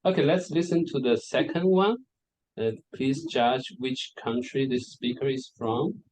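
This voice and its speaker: A man with a mid-range voice lectures to an audience at a conference. He speaks hesitantly, stopping to repeat words and filling the pauses with fillers. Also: medium pitch, darkish tone, rough recording. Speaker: lecturer presenting on English varieties. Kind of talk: conference presentation.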